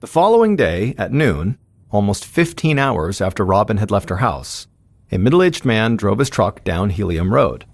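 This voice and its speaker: Male podcast narrator, deep fry-edged voice, measured suspense, dry studio sound. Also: no room sound. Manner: steady, suspenseful storytelling. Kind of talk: scripted true-crime narration.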